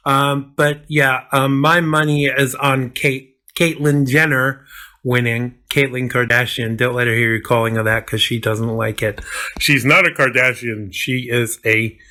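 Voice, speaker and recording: A man's voice: medium pitch, bright, forceful tone. A man hosting his vlog, chatting casually and jokily about a TV show as he watches it. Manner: chatty, rambling, jokey asides. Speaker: vlog host.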